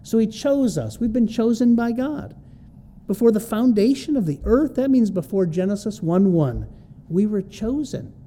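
A man's voice: high-pitched, lively intonation, moderate pace, mellow, a little hiss or hum. A man preaching an expository sermon, teaching verse by verse in a plain conversational way and repeating key phrases for emphasis. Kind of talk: expository sermon on a Bible passage.

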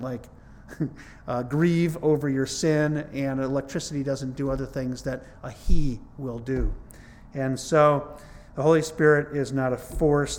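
A man's voice: mid-range voice, darkish tone, a little hiss or hum. A man preaching a sermon in a conversational but emphatic way, teaching from scripture and stressing points with rises in his voice. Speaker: pastor.

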